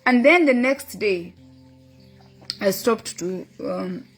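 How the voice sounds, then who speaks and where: A woman's voice: medium pitch, animated, slow, breathy edge, faint music behind. A middle-aged woman hosting a motivational talk, earnestly telling a story and quoting her son and a book. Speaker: host.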